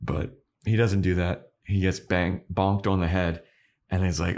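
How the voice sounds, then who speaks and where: A man with a low voice recaps a TV episode on a podcast. He tells it loosely and chattily, and he laughs often at his own retelling. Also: level tone, a little slow, vocal fry, darkish tone. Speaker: podcast co-host.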